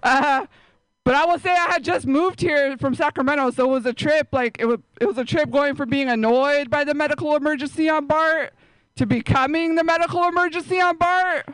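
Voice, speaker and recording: A woman's voice: high-pitched, fairly quick, a bit bright, no echo, low-quality recording. A woman doing a stand-up set on stage, telling a story in a chatty way and laughing at her own jokes. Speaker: stand-up comedian. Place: comedy show on stage.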